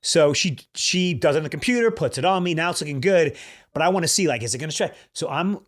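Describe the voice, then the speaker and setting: A man co-hosting a podcast, telling a story in casual chat, animated and laughing often. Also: on the high side, fast talker. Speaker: podcast co-host.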